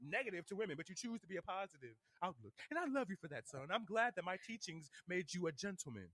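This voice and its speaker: A woman's voice: lowish voice, very animated, fast talker, a bit bright, dry recording. A man imitating his middle-aged mother as she nags her grown son in an exasperated, preachy way. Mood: tender, proud.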